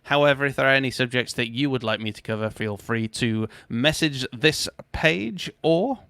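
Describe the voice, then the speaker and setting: Man, live-stream host, chatty, self-correcting, smooth clear voice, dry close sound. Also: mid-range voice, lively intonation, moderate pace, bright, forceful tone, no echo. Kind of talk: casual live-stream talk.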